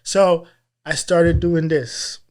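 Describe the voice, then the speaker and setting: A man with a slightly high voice recounts a personal experience in a sit-down interview. He talks in an earnest, halting way and often restarts his sentences. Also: fairly even intonation, a little mellow. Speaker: teacher and guest.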